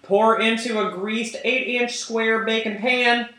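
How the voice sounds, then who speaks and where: A man voicing an old granny figure while reading a recipe aloud in a high, slow, put-on old-lady voice. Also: fairly bright tone, very echoey, natural voice, poor audio. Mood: hammy.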